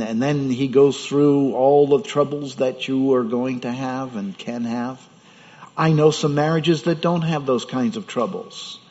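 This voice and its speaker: A man's voice: a little high, darkish tone. A man preaching a sermon as pastor, in a conversational way with rhetorical questions. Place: church. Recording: dull sound with hall reverb.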